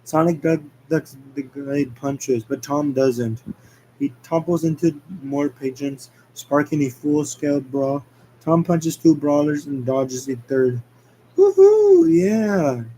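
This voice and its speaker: Halting man reading a script aloud. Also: mid-range voice, steady tone, warm tone, a little hiss or hum, rough recording. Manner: halting, stumbling over words. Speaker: script reader. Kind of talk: amateur script read-aloud.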